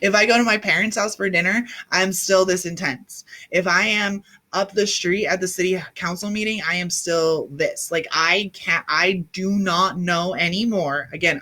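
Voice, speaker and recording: A woman's voice: on the low side, bright, forceful tone. A woman in her thirties hosting a spiritual livestream, talking in an intense, emphatic and rambling way, now and then answering viewers directly into a webcam or phone mic. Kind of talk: casual spiritual livestream talk.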